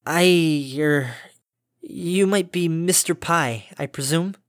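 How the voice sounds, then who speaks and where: Guy doing a jittery polite pegasus girl, a bit higher than his usual, dry close sound. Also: slow, dry recording. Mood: flustered. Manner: nervous, awkwardly polite. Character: flustered young female pegasus traveler.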